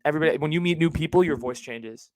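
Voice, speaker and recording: A man's voice: on the high side, quick pace, no room sound, low-quality recording. Young man rambling and swearing on a podcast. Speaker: podcast host. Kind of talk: casual rambling monologue. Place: home recording setup with a ring light.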